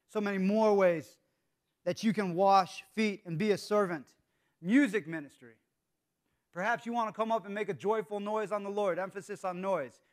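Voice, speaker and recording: A man preaching a sermon as pastor, earnest, swinging between hushed, intimate lines and emphatic calls to the congregation. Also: sits high.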